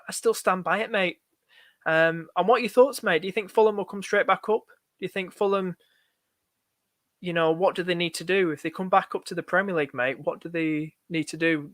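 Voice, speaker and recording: A man hosting a live fantasy football stream, answering viewers' questions in a rushed, excitable way and calling everyone "mate". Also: fairly high pitch, no echo. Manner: excitable, rushed, repeats himself, says "mate" a lot.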